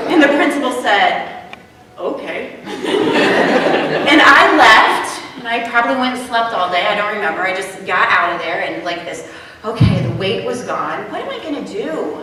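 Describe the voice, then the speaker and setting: A young woman preaches at a retreat in a chatty, animated way, telling a story from her own life. Her voice is bright and sits a little high. She is picked up from a distance in a big, echoing hall with a long reverb. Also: moderate pace, a little hiss or hum. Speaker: speaker at a women's retreat. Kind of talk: storytelling sermon. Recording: echoey hall, voice from far off.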